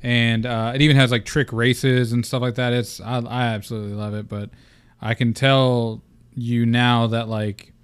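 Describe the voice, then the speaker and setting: A man's voice: mid-range voice, flat delivery, moderate pace, smooth. A young man hosting a gaming podcast, chatting loosely, joking and swearing freely. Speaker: podcast host. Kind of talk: casual gaming podcast chat.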